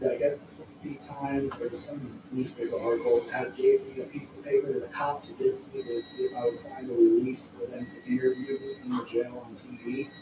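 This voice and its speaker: A man's voice: mid-range voice, little pitch movement, a little fast, hardly any pauses. A man telling a story from his past in casual conversation, rambling and frank, restarting often and swearing freely. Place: home studio room. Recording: very echoey room, far from the mic, noisy background.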